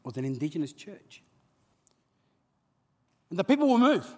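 An impassioned male pastor delivers a sermon in a high voice, often doubling words as he builds momentum. His words ring through a hall with a long, trailing reverb. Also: big pitch swings, moderate pace, dark tone. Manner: impassioned, repeats words when stirred.

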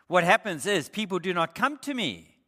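A man voicing a calm, puzzled male barber in a story told in a sermon. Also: high-pitched, moderate pace, exaggerated voice. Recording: echoey hall.

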